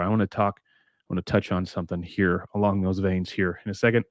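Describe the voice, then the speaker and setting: Man host, low voice, blunt and salty, dry close sound. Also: flat delivery, a little fast, no room sound. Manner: blunt, swears casually. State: out of breath. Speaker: podcast host. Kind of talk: casual roundtable chat.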